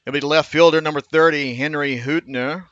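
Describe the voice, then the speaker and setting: A man calling baseball play by play in a steady, measured way, now and then correcting himself. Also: on the high side, no echo, lo-fi sound. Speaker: play-by-play announcer.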